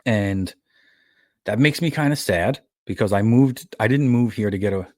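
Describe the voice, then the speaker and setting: A man with a New York accent speaks on a podcast in a loose, rambling way, often stopping and restarting his thoughts. His voice sits on the low side. The sound is close and dry, with no room echo. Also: moderate pace. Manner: rambling, self-correcting storyteller. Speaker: podcast co-host. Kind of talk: casual chat.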